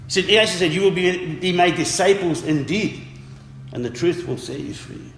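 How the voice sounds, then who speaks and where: A man's voice: on the high side, brisk, a little hiss or hum. A man preaching a sermon earnestly, repeating words and calling out for amens. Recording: echoey hall with faint ambience.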